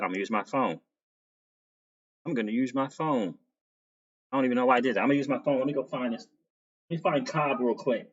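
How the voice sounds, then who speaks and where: A man's voice: mid-range voice, fairly bright tone, breathy edge, lo-fi sound. A man hosting a casual crypto livestream, reading out viewer names and greeting them, laughing often.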